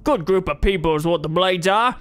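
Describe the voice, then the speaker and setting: A man's voice: sits high, brisk, a bit bright, clean tone. A man voicing a stout, bearded fist-fighting trainer who talks in a folksy, old-fashioned way. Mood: matter-of-fact. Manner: folksy, says "lad" and "me" for "my". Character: stout bearded brawler trainer, gruff and hearty.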